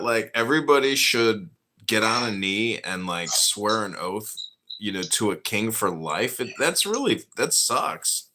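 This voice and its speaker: A man hosting a podcast in casual chat, animated and mocking, often slipping into put-on voices. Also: lowish voice, a little slow, noisy background. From United States. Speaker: podcast host.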